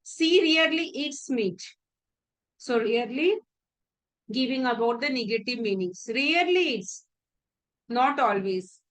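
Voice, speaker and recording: Indian English woman, grammar teacher, fairly high voice, explains by repeating and breaking down examples. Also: fairly bright tone. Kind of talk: exam-prep grammar lesson.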